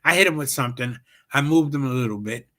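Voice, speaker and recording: A man's voice: medium pitch, quick pace, a bit bright. A comedian hosting his own show tells a rambling, profane story full of fillers and repeated "bam, bam". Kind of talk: casual storytelling on a livestream show.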